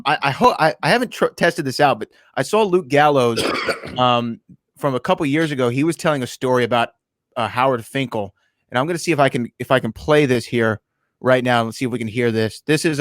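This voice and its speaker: A man with a mid-range voice hosts a sports talk show. He talks in an animated way and laughs often, and his voice is recorded dry and close. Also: medium pitch, fairly quick, no room sound. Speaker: radio host, ring announcer. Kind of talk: casual radio chat.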